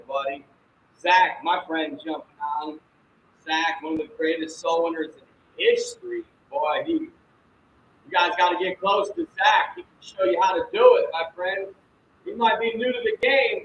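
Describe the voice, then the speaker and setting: An energetic American man with a high voice hosts a live stream, calling out viewers by name and breaking into preacher-like exclamations. He sounds like he is in an echoey room with a faint hiss of noise. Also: dull audio. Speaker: host of a live-streamed Christian show.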